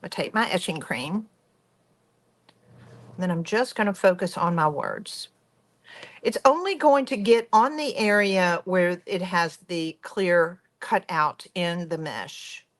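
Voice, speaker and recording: A woman's voice: on the low side, takes it slowly. A woman hosting a craft tutorial, chatty and enthusiastic as she talks viewers through each step. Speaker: craft workshop host.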